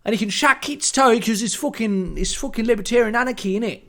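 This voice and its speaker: A man's voice: extremely high pitch, brisk, a bit bright. A man doing a crude lad, swearing. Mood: smug.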